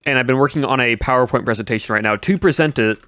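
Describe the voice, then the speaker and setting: A man's voice: mid-range voice, quick pace, pushed and bright, dry recording. Young man rambling on a livestream. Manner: rambling, answers chat between stories. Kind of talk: casual chat to stream chat.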